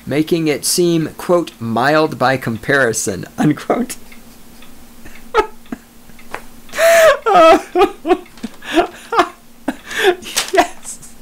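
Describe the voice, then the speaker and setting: A man's voice: medium pitch, a little hiss or hum. A male podcast host reading news stories and mocking them with crude jokes, often breaking into laughter. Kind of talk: sarcastic news commentary.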